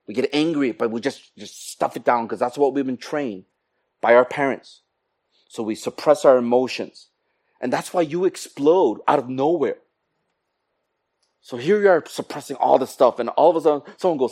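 A man preaching a sermon to his congregation, animated, acting out quoted exchanges with comic voices. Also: medium pitch, normal speed. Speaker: pastor.

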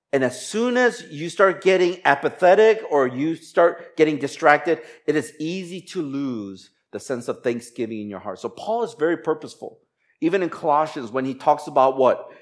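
A man preaching as a pastor, moving from slow, emphatic scripture reading into a chatty, laughing personal story. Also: medium pitch. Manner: conversational, animated storytelling with laughs and quoted voices.

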